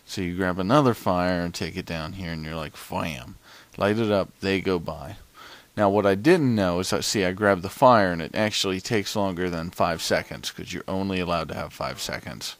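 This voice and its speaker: A man's voice: sits low, normal speed, dry recording. A man casually narrating his gameplay in a chatty, rambling way.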